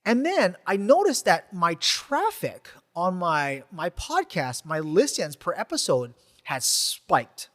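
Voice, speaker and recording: High, lively-voiced male podcast host. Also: slow pace, few pauses, long reverb tail. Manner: animated, frequent "like" fillers, repeats words. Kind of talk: casual storytelling chat.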